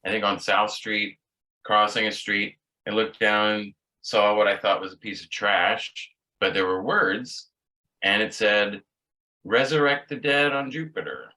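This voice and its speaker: A man telling a story in a casual band chat, hesitant, clearing his throat between thoughts. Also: fairly low pitch, unhurried, bright, forceful tone, low-quality recording. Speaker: band member.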